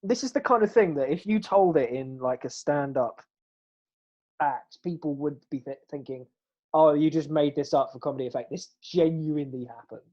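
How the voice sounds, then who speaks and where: A man's voice: fairly high pitch, moderate pace, mellow. A young man, co-hosting a casual podcast, cracking jokes and swearing freely. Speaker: podcast co-host. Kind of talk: casual chat. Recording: dull, lo-fi sound.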